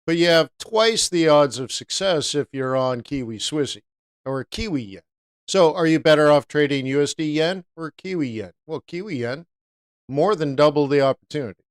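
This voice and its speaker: A man's voice: on the high side, expressive, normal speed, clean tone, no room sound, studio quality. A man teaching forex trading on a live stream, talking casually and answering viewers by name.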